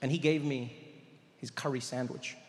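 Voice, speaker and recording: A man with a South African accent telling an animated stand-up story on a theatre stage, acting out voices with big swings in volume. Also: medium pitch, moderate pace. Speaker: stand-up comedian. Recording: echoey hall, live stand-up.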